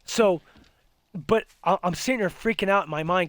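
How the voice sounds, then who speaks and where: Casual male host, higher voice, loose rambling storyteller, lots of "you know what I mean". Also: fast talker, a bit bright, no room sound. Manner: rambling, lots of fillers and restarts. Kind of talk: casual ghost story chat.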